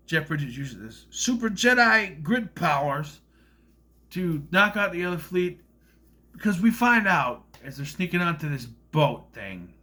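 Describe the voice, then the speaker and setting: A man talks through a film in a loose, rambling review, his pitch swinging widely as he goes. His voice is bright and on the higher side for a man, and he keeps breaking into goofy voices to act out the characters' lines. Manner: rambling, acts out quotes in silly voices. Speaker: movie reviewer. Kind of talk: casual film review monologue.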